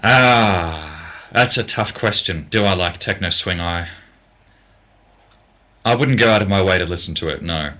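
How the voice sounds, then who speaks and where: A young Australian man with a very low voice that still has a bright, tense edge. He hesitates and restarts a lot, filling gaps with ums, then gives blunt answers. He reads out questions in a casual live Q&A and sounds worn out. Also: moderate pace, pauses often. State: getting tired. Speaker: music producer. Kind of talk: casual livestream Q&A, reading out viewer questions.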